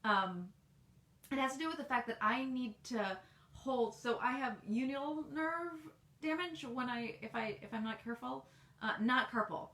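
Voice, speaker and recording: A woman's voice: on the high side, normal speed, sharp tone, echoey room. An American woman, an author, chatting casually and rambling through a live Q&A with her readers, full of ums and restarts. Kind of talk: casual livestream Q&A. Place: home office.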